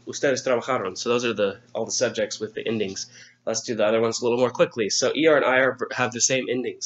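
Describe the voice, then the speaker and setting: A man's voice: mid-range voice, fairly bright tone, highs cut off. A male Spanish teacher patiently walking students through an exam review lesson, step by step.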